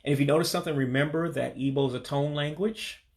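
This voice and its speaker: Gravelly man teaching vocabulary. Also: fairly high pitch, darkish tone. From Michigan, USA. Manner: repeats words slowly, hesitant with many fillers. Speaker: language learner teaching vocabulary. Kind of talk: casual spoken vocabulary lesson.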